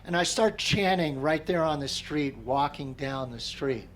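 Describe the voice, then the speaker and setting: A middle-aged man leads a meditation class in a large tent, speaking in a slightly higher voice than most men. He tells a personal story in a loose, conversational style and pauses now and then to clear his throat. A faint background hum sits under his voice. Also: a bit bright. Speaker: meditation teacher. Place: large tent at an outdoor gathering.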